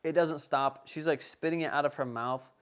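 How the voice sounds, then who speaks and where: A young man hosting a casual podcast, telling a story in an animated, rambling way full of swearing and fillers. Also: on the high side, normal speed, smooth. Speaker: podcast host.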